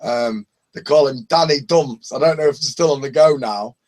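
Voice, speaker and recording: A man with a Northern English accent telling lively anecdotes in a casual open mic video call, laughing and swearing freely. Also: mid-range voice, normal speed. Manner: animated storyteller, laughs often, swears. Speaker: open mic hangout participant.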